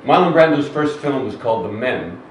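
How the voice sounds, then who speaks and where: A man's voice: mid-range voice, expressive. Older guy, actor, telling stories to an audience, lots of ums, roomy hall, bit far from the mic. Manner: chatty, self-deprecating, halting with fillers. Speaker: actor, guest of an interview. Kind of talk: telling anecdotes on stage to a live audience. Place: cinema hall with live audience. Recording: roomy hall, distant mic, faint noise.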